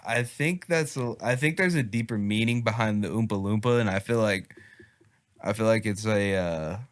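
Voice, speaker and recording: Young male host, lowish pitch, easygoing chatty banter. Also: normal speed. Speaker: podcast host. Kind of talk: casual podcast chat.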